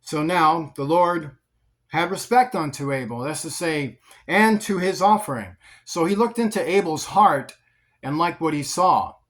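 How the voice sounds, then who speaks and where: A man's voice: on the high side, animated, measured pace, a bit bright. A man teaching a Bible passage in a casual, conversational sermon style, often sarcastic. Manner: conversational, sarcastic, repeats words when emphatic.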